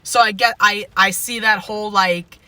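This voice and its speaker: Rambling young man, bright voice. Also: high-pitched, fairly even intonation, normal speed, dry recording. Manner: rambling, lots of fillers and restarts. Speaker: podcast host. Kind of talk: casual chat.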